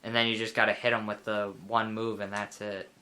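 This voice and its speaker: A man's voice: on the low side, little pitch movement, a little fast, slight background noise. A young man giving casual, rambling commentary over a video game, full of fillers and playful asides. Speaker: let's play gamer. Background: loud game music.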